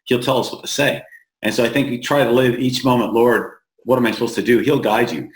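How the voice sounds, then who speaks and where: A man from the United States, an interview guest, telling stories plainly and earnestly with halting restarts, slowing down to stress points. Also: medium pitch, fairly even intonation. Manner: plain-spoken, halting restarts, slows for emphasis. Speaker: founder of an aid group, interview guest. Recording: roomy echo.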